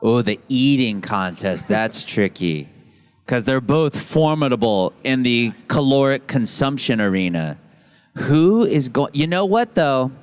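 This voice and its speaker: Through a handheld mic with a stage monitor, a US man trades casual banter as a convention panel guest. His medium-pitched, smooth voice has lively intonation and a measured pace as he jokes, rambles, and restarts playfully.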